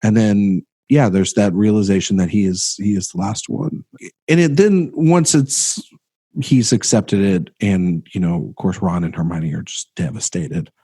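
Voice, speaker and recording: A man talks through a film on a podcast in a low, warm voice, stopping and restarting often and letting phrases fade away. The sound is dry and close. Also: very animated, slightly rough, dry recording. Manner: halting, many restarts, trails off quietly. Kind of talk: casual film discussion.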